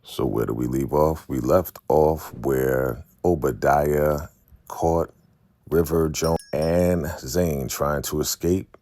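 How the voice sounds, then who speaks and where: A man's voice: rumbling low, slow, dark tone. A man casually recapping a TV episode for his viewers, chatty and calling them family. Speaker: recap host.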